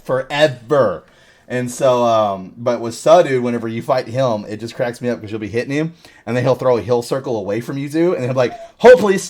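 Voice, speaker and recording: A man hosting a podcast, telling long rambling gaming stories in casual chat and swearing constantly. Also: mid-range voice. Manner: rambling storytelling with heavy swearing. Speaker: podcast host. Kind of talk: casual chat about a video game.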